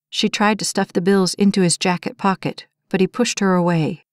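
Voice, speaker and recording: In a dry, clean studio recording, a woman with a mid-range voice narrates an audiobook. She tells the story in a steady, measured way.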